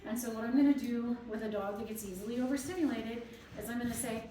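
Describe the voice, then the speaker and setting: A woman dog trainer who alternates between hushed, low commands to a dog and plain explanations to viewers. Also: a little fast. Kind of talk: live training demonstration with commentary. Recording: very echoey room, mic far off, background noise.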